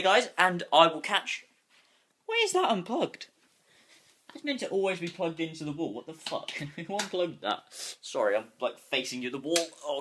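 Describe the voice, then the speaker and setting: A restless young man rambling casually into a handheld phone at home. His voice is bright and a little high, and it leaps around in pitch as he swears and wanders from thought to thought. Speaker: vlogger. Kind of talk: casual vlog. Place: bedroom at home. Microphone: phone held in hand.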